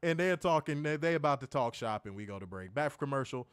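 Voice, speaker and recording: A young man casually reviewing a wrestling show, excitable and slangy, laughing often and repeating phrases. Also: mid-range voice, fast talker, clear, resonant tone, no echo, studio quality. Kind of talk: casual live-stream commentary reading chat.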